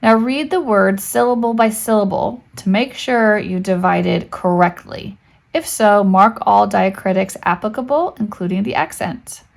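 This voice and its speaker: Woman with a gravelly, creaky voice. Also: mid-range voice, unhurried. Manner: chatty, explains step by step, asks "right?" often. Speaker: homeschool teacher. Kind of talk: casual teaching walkthrough.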